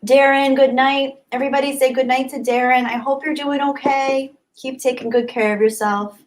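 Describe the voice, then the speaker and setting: A woman's voice: high-pitched, steady tone, normal speed. Woman, YouTuber, casual livestream chat, reads viewer comments aloud, chatty.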